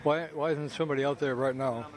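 A man's voice: medium pitch, steady tone, fast. A man speaking casually in a street interview, stumbling over words as he explains. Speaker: community member interviewed. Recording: outdoor recording with crowd noise.

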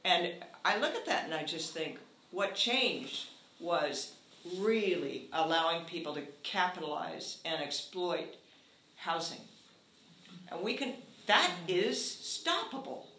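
An older man with a high, bright voice tells a story at a community meeting. He sounds animated and earnest with a wry edge. The echoey room carries a faint hum. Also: takes it slowly. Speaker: housing activist speaker.

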